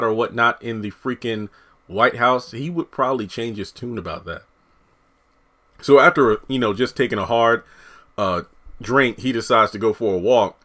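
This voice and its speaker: A man giving a casual, animated review of a TV episode, often laughing and acting out the characters' lines. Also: medium pitch. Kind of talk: casual spoken commentary.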